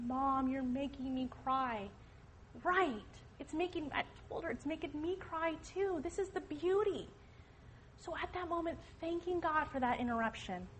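A woman's voice: high-pitched, a little hiss or hum, poor audio. A middle-aged woman telling a personal story of faith to a church audience, earnest and emphatic. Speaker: speaker at a church women's event. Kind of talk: testimony talk to an audience.

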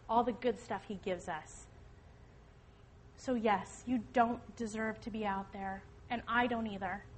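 A woman's voice: a little high, a little hiss or hum, rough recording. A middle-aged woman telling a personal story of faith to a church audience, earnest and emphatic. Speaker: speaker at a church women's event. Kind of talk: testimony talk to an audience.

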